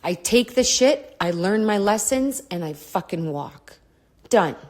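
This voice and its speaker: A middle-aged woman hosting a podcast, telling a personal story in a candid, blunt way, swearing often and drifting off topic, with a throat she keeps clearing. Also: mid-range voice, expressive, measured pace, darkish tone. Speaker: podcast host.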